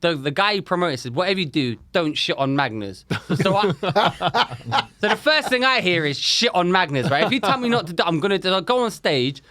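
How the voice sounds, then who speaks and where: A man with a higher-pitched voice that leaps all over the place tells a rambling comic story in a podcast chat. He swears freely and puts on other voices for quotes. The sound is close and dry. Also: quick pace, no room sound. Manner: animated, swearing, acts out quotes. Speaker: comedian podcast co-host. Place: shipping container studio.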